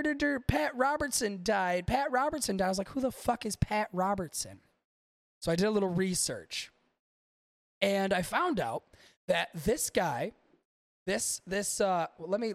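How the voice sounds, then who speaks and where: A man's voice: sits high, dry recording. A man hosting a podcast in casual, rambling chat, swearing freely and talking to his live chat. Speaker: podcast host.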